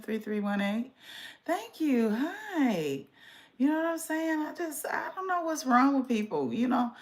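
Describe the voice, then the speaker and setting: A sassy woman hosts her podcast in a fairly high voice. She talks casually and straight to her listeners, with lots of animation. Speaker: podcast host.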